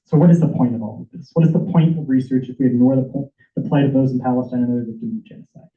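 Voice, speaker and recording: A man's voice: medium pitch, fairly even intonation, very fast, slight background noise. A man giving an impassioned, emotional prepared speech as a public commenter at a senate meeting, urgent and stumbling at times. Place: meeting hall. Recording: echoey room over tinny phone-like audio.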